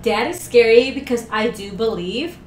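A woman hosting a reaction video from home, talking casually, jumpy and excitable, swearing often. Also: on the high side, moderate pace, echoey room, a little hiss or hum.

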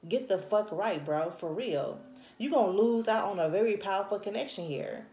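A woman's voice: medium pitch, animated, normal speed, dark tone, roomy sound. Blunt, profane woman tarot reader. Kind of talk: casual tarot reading to camera.

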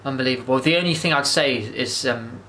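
A man's voice: mid-range voice, brisk, sharp tone, slight background noise. A man, rambling enthusiastically through a casual movie review monologue, with frequent restarts and swearing. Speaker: vlogger.

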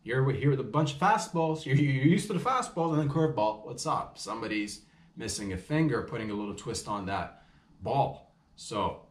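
Canadian male podcast host, mid-pitched, rambling slangy storyteller, echoey room. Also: expressive, moderate pace. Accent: Canadian English. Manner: rambling, slangy, full of restarts and asides to listeners. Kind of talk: casual comedic storytelling monologue.

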